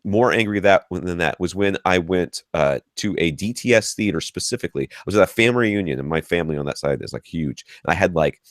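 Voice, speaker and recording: A man around forty hosting a podcast, telling ranting stories in a casual, animated way with lots of restarts. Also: low-pitched, fast talker, few pauses, dry recording, studio quality. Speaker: podcast host.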